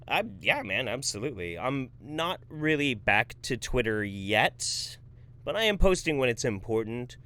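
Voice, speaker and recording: A man's voice: medium pitch, very animated, unhurried, sharp tone, smooth. Thirtysomething guy on a live stream, cussing and joking, voice bounces all over. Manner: laid-back, swears freely, laughs often. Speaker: host reading viewer donations. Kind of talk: casual live-stream commentary.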